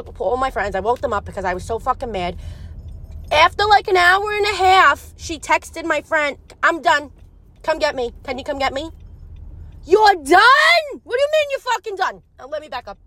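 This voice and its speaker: A young woman with a high, bright-sounding voice spills a personal story in a casual, rambling rush. She talks with animated energy, sprinkling in plenty of swearing as she goes.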